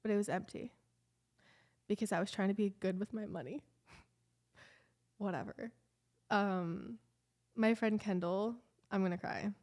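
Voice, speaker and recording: A woman's voice: medium pitch, measured pace, long pauses, darkish tone. Young woman vlogger, casual confessional chatter, rambling and heartfelt. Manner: emotional, rambling, lots of "like" fillers.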